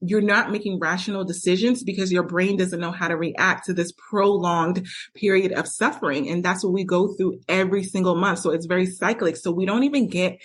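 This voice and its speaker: Fairly quick and fairly even in intonation, this lowish-voiced woman hosts a podcast. She gives advice in a candid personal monologue, drawing on her own experience and voicing quoted arguments as she coaches the audience.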